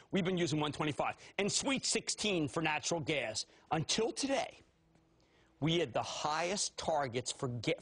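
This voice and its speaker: A man in his fifties hosting a TV stock market show, talking loud, manic and theatrical with sudden shouts. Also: on the high side, husky. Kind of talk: excitable TV stock commentary.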